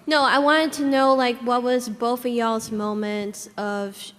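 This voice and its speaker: Slow-talking woman asking a question in a hall. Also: fairly high pitch, flat delivery, fairly bright tone. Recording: distant, reverberant hall.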